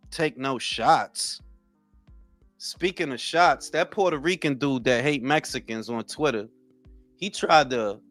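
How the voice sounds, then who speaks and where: A man's voice: a little high, a bit bright, no echo. A man in his forties hosting a boxing talk livestream, chatting casually with viewers in loose, profane, joking banter. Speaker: boxing talk show host.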